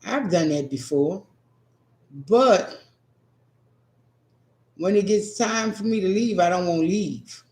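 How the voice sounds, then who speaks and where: Slow-drawling New man, echoey room. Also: high voice, a little mellow. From New Orleans. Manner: profane, teasing, laid-back drawl. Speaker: streamer answering chat. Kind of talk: casual livestream chat.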